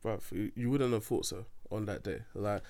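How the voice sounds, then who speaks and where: A man's voice: lowish voice, moderate pace. Laid-back man telling stories. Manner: relaxed storytelling, slangy. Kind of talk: casual chat.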